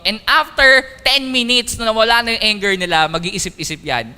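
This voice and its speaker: A man with a Filipino accent preaching a sermon, mixing Tagalog and English with emphatic, animated delivery. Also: sits high, brisk, few pauses, smooth. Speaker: pastor. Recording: long hall reverb.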